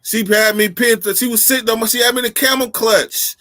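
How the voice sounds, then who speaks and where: Bright-voiced man telling stories. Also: very high-pitched, brisk, no echo. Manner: animated storyteller, profane, slangy. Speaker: podcast host. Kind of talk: casual chat.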